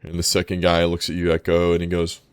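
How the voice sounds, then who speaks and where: A man with a very low voice narrates a tabletop game as its game master. He talks in a loose, halting way, full of fillers and restarts. The sound is dry and close. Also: monotone, clean tone, no room sound.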